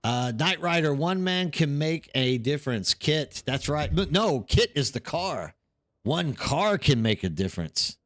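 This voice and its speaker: A man's voice: on the high side, sing-song, a little slow, fairly bright tone. A man chatting casually on a live stream while gaming, rambling and reacting to chat. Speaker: streamer hosting a watch party.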